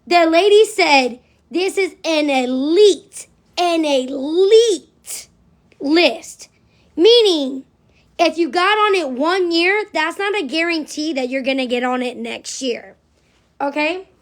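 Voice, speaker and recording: A woman's voice: sits high, fairly bright tone. A middle-aged woman ranting in a livestream monologue, blunt and profane, repeating phrases for emphasis.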